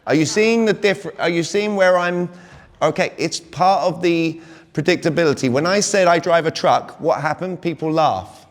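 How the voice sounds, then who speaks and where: A British man in his forties delivers a lively sales seminar, keeping the crowd engaged with constant questions. His voice sits a little high. It carries with a long reverb through a large venue. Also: moderate pace. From Britain. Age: 40s. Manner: energetic, keeps quizzing the audience. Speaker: conference speaker. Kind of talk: live motivational sales talk. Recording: long reverb of a big hall.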